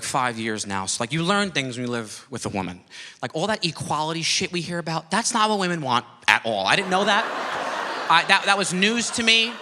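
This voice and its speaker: High, lively ranting male comic. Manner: profane, ranting, swings into loud outbursts. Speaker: stand-up comedian. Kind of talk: stand-up routine. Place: comedy club stage with a laughing audience. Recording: live club audio with crowd laughter and room noise.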